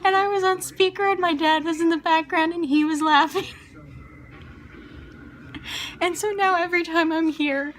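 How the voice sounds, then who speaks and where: A woman's voice: extremely high pitch, steady tone, normal speed, pauses often, fairly bright tone. A young woman casually telling a personal story about herself, self-mocking and rambling, laughing often. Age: young adult.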